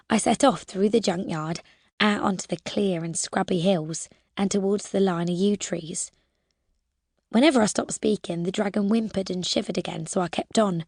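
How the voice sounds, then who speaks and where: A woman narrating a first-person adventure audiobook in a lively, expressive way, now and then dropping to a whisper. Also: medium pitch, moderate pace, vocal fry, no room sound, clean studio sound.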